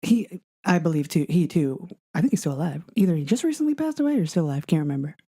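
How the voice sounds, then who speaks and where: Give me a mellow rambling podcast guy. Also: a little high, big pitch swings, fast, slightly rough. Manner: rambling, full of "like" fillers, laughs often. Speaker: podcast co-host. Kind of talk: casual chat.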